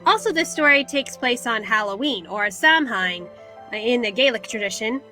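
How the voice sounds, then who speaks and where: Bright, high-pitched American woman host. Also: lively intonation, a little fast, soft background music. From United States. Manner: chatty and self-deprecating. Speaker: podcast host. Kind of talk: casual solo podcast talk.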